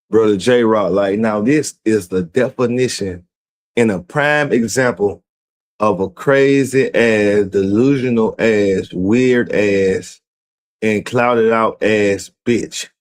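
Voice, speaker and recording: A man hosting a streamed show, reading out messages and mocking them in a profane, incredulous commentary. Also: on the low side. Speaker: show host.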